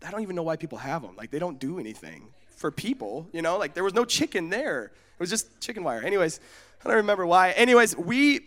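A young man from Oregon preaching in a casual, storytelling way, animated and acting out the voices in his stories. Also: high voice, quick pace. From United States, Oregon. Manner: casual, often asks "you know what I'm saying?". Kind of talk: storytelling sermon.

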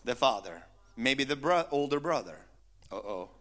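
A man's voice: medium pitch, big pitch swings, moderate pace, a bit bright. A man preaching a sermon as pastor, telling the story with teasing asides and rhetorical questions to his congregation.

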